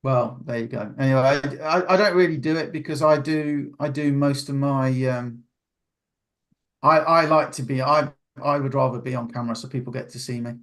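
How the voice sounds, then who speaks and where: A man's voice: medium pitch, fairly even intonation, moderate pace, fairly bright tone. A man hosting a video call, chatting casually and rambling with many restarts. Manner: rambling, restarts often, laughs easily. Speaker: meeting host.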